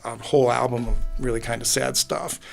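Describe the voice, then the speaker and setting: A man's voice: medium pitch, steady tone, a little fast, gravelly, soft background music. A man, a musician guest in a podcast booth, telling his story in a casual, earnest, rambling way with many restarts. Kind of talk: casual interview.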